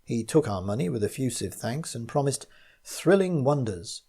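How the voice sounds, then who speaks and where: A man reading his own gothic mystery story aloud, in measured first-person narration. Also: medium pitch, big pitch swings, warm tone, breathy edge.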